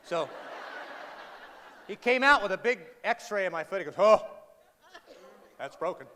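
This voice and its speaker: In a large, reverberant hall, a man tells a humorous personal story to a live audience, sarcastic and self-deprecating, quizzing listeners along the way. His high-sitting voice is expressive, pushed, and bright, at normal speed. Faint ambience lingers in the background.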